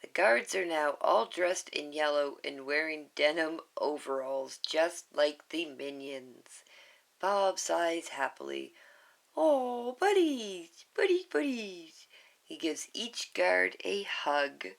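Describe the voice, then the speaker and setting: A woman's voice: deep voice, slow, vocal fry, fairly bright tone. A woman reading a picture book aloud to viewers, with chatty, giggly asides. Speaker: storybook reader.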